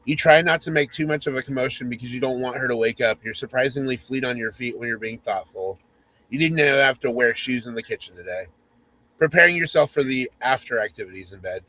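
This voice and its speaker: Male host reading a spoof romance aloud; mock-sultry, teasing, medium pitch. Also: fast talker, sharp tone, a little hiss or hum, low-quality recording. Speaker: podcast host.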